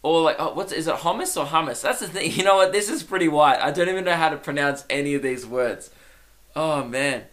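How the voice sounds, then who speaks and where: A man's voice: fairly high pitch, fairly quick, a bit bright. A young man hosting a solo comedy podcast, rambling and self-mocking and laughing at his own jokes.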